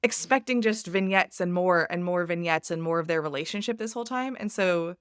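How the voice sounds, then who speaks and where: An American woman guesting on a podcast, telling her reactions in an emphatic, animated, casual way. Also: lowish voice, fairly quick, smooth, no room sound, studio quality. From United States.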